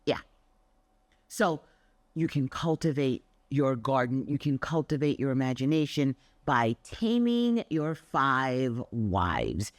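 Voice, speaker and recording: A woman's voice: very deep voice, slow pace, no echo. An older woman who teaches Pilates, giving an emphatic motivational monologue and acting out her anecdotes. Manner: emphatic and expressive, acts out anecdotes. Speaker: Pilates instructor.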